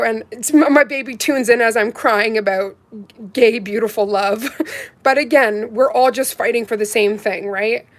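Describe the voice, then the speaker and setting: A woman with a fairly high voice, hosting a casual livestream from her home. She talks warmly and heartfelt to her viewers, gushing over each one by name as she reads their comments. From Canada. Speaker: livestream host reviewing nail polish.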